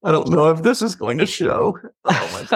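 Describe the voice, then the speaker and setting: A man's voice: a little high, sing-song, normal speed, breathy edge, no room sound, studio quality. A man, an artist and gallery owner, chatting casually and telling stories with easy chuckles over a video call. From Chicago. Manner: laid-back, chuckling storyteller. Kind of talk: casual interview chat. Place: his gallery.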